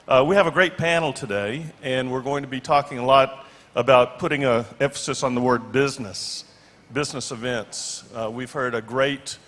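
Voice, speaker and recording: A man moderates a conference panel in a large hall, talking with many fillers and restarts. His medium-pitched voice is fairly bright, fairly even in intonation and at a normal speed. It's picked up through an echoey conference hall PA.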